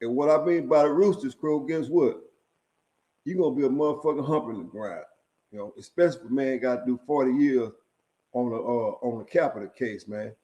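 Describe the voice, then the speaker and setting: A man's voice: medium pitch, a little fast, warm tone, rough recording. Profane streetwise man spinning prison stories. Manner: streetwise and profane, with constant fillers like "man" and "right?"; chuckles at his own stories. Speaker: storyteller sharing prison stories. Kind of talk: casual storytelling monologue.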